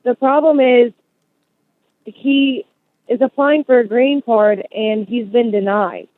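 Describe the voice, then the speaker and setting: A woman's voice: a little high, steady tone, slow, dry recording. Hesitant woman caller on a tinny phone line. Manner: hesitant, with frequent ums. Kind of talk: phone-in question.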